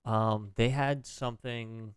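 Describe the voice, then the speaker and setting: Slowly and with fairly even intonation, a mid-range, clean-toned man chats about wrestling as a podcast co-host, in clean studio sound without echo. He hedges, swears freely, and thinks aloud through many fillers.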